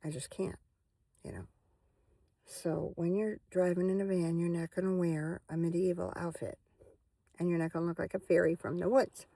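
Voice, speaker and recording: Inside her van after dark, a woman who vlogs and serves as a minister talks loosely to the camera, drifting between subjects and stopping to speak to her dog. She sounds low-pitched and mellow, keeping a level tone at a moderate pace. The sound is dry.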